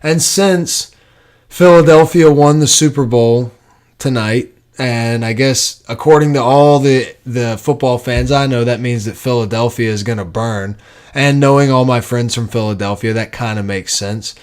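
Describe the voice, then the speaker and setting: A man's voice: mid-range voice, measured pace, a little mellow, smooth. A young man hosting a podcast, rambling and joking through sponsor reads. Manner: rambling, joking, self-mocking. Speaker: podcast host. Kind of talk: casual podcast talk and ad reads.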